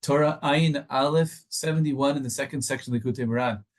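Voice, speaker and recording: A man's voice: medium pitch, fast. A man teaching a Torah class with passion, moving back and forth between Hebrew and English.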